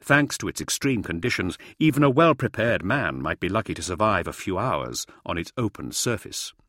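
Low, lively-voiced male storyteller. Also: dry recording, studio quality. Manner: measured, dramatic storytelling. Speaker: audiobook narrator. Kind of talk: scripted narration.

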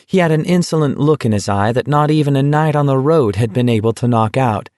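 A man reading an audiobook in a steady, measured way. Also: mid-range voice, no room sound, studio quality. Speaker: audiobook narrator. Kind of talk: audiobook narration.

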